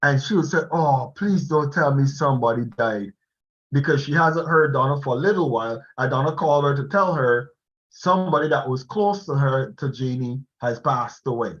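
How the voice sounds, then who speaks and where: A man giving a slow, animated motivational talk to an online class on a video call, laughing often as he speaks. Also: mid-range voice, muffled recording.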